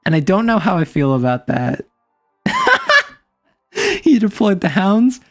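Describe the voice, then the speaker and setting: A giggly, teasing woman chats casually on her live stream. Her pitch bounces around animatedly from line to line, and soft music plays underneath. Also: animated, unhurried.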